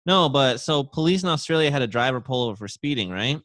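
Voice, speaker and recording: A man's voice: medium pitch, lively intonation, quick pace, a bit bright, no echo. A man hosting a podcast, casually reading odd news stories aloud between laughs and joking asides. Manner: reads news aloud, laughs, breaks into jokey put-on voices. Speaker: podcast host.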